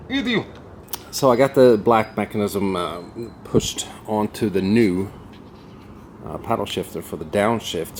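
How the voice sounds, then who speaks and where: A man's voice: low voice, a little mellow, a little hiss or hum. A man casually narrating a do-it-yourself car repair as he works, chatty and muttering to himself. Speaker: car DIY vlogger. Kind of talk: casual how-to narration while working.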